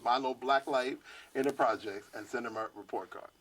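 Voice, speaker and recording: A man in his fifties from Washington, D.C., telling stories in an interview with animated energy. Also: medium pitch, brisk, background noise. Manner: lively storyteller, acts out quoted voices. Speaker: guest artist.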